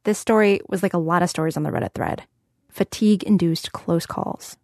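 A woman hosting and reporting, narrating a scripted story in a clear, conversational way. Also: on the low side, moderate pace, a little mellow, no room sound. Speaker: host and reporter. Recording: dry studio sound.

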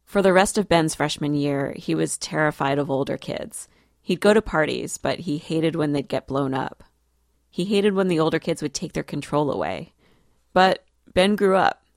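A woman reporter telling a story in measured, scripted radio narration. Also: low voice, vocal fry, no echo, clean studio sound.

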